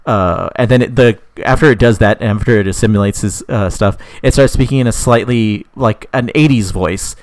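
A young man pitching a story idea in casual chat, rambling and profane, full of fillers. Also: normal speed, hardly any pauses, a little mellow, no room sound.

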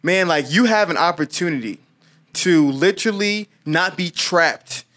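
A man hosting a casual podcast, talking with energetic, playful slang. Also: high-pitched, a little slow. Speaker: podcast host.

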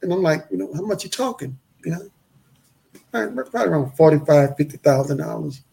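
A man tells a long personal story, slipping into the voices of everyone in it. His voice is gravelly and sits a little high for a man. He repeats his phrases for emphasis. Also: a little fast. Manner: animated, acts out quoted voices, repeats phrases. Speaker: guest telling his life story. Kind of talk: casual storytelling interview.

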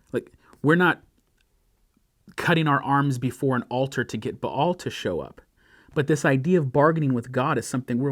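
A man delivering a sermon at a medium pitch, reading scripture passages with building emphasis. Between readings he talks casually and acts out the voices of the people in the passage. The sound is dry, with no room echo. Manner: reads scripture aloud with rising emphasis, then explains conversationally; acts out sarcastic and pleading voices in quotes. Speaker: pastor.

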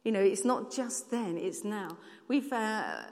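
A woman speaks earnestly from the front of a church hall, at a mid pitch that sits in the middle range for a woman. She tells her stories in a plain, conversational way, and her voice trails off into a long reverb that fills the room. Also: very animated, measured pace. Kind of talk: sermon with personal stories.

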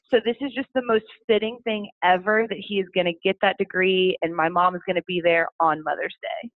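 A woman with a medium-pitched voice is an interview guest, chatting casually through family stories and laughing often. The recording has a dry, phone-like sound with no echo.

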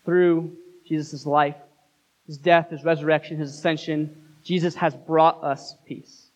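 A man preaching a sermon as pastor, earnest, with dramatic pauses. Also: a little high, level tone, lo-fi sound.

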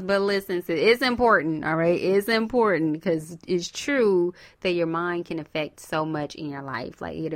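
A woman hosting a podcast and giving a casual, encouraging motivational talk, using with bursts of whoops and laughter. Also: sits low. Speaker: podcast host.

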